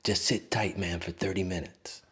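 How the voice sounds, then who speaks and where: A man's voice: low voice, fairly even intonation, moderate pace, fairly bright tone, slightly rough, exaggerated voice. A man imitating a brash ex-SEAL buddy from Staten Island, New York, pushy and matter-of-fact. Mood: insistent.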